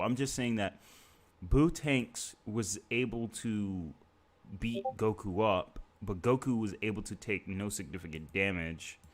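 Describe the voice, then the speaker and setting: A man hosting a live stream, talking through scenes one by one in a casual, conversational way with fillers. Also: on the low side. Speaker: stream host.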